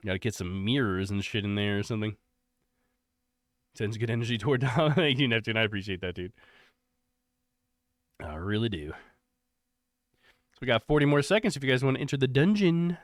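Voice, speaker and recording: A man's voice: mid-range voice, smooth, no room sound. Brief: stuffed-up young male streamer, nasal, easygoing chat, dry mic. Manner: relaxed, rambling, thankful. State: congested and coughing. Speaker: live streamer. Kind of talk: casual chat with chat.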